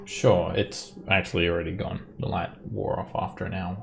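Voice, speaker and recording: Man, dungeon master, low voice, gravelly, relaxed narration, soft music in background. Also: normal speed. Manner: relaxed, hesitant narration with fillers. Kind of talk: narrating a tabletop game.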